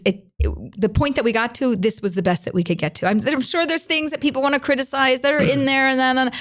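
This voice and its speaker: Expressive woman telling a story. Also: medium pitch. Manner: expressive, acts out quoted voices with laughter. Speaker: matchmaker, interview guest. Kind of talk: animated storytelling in conversation.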